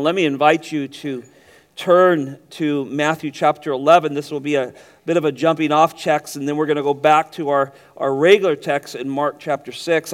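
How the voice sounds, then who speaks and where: Here a pastor preaches, his voice climbing into loud, emphatic bursts before sinking into soft, low passages. Words get repeated as he starts phrases over.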